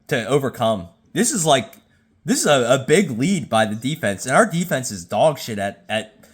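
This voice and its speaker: A man who has been drinking hosts a casual rating video from home, rambling and stammering with sudden excited bursts. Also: mid-range voice, moderate pace, husky. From Jacksonville, Florida. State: tipsy from drinking. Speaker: YouTube host. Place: at home with a phone. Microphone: phone.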